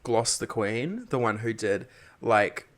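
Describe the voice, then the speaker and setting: A man's voice: lowish voice, expressive, takes it slowly, fairly bright tone. A young man, co-hosting a podcast and telling a gossipy story full of camp slang. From Australia. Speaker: podcast co-host. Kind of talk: casual chat.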